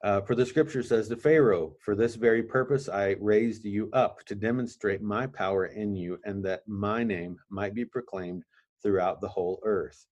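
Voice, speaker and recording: A man hosting a podcast, reading scripture aloud and explaining it in a casual, halting way with asides. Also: fairly low pitch, a little mellow. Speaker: podcast host. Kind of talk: casual Bible teaching.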